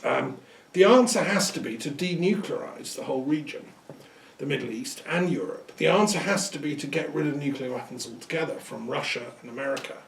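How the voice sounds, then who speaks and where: A man giving an informal lecture, telling a story in a conversational, rambling way with restarts and throat-clearing. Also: a little high, a little fast, far from the mic. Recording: echoey room, speaker away from the mic.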